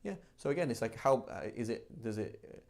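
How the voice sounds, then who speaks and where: A man teaching a religion class in a loose, conversational manner. He is mid-pitched and talks as if chatting with his students, with frequent "right?" asides and acted-out examples. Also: lively intonation, fairly quick, creaky, darkish tone.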